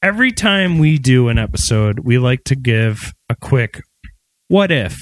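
A man co-hosting a casual comedy podcast, explaining segments in a relaxed, rambling way. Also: medium pitch, unhurried, no room sound, low-quality recording. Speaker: podcast co-host.

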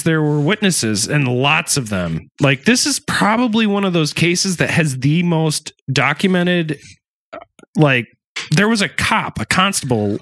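A man's voice: on the high side, fairly bright tone, no echo. A man hosting a podcast, casually telling a story with lots of swearing, asides and laughter. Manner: rambling, profane, laughs often. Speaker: podcast host.

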